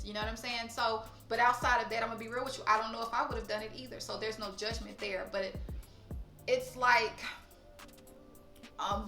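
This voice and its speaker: A woman's voice: medium pitch, gravelly, sharp tone, reverberant. A woman talking frankly and emotionally in a personal vlog, swearing casually. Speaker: vlogger. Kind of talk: candid personal vlog talk.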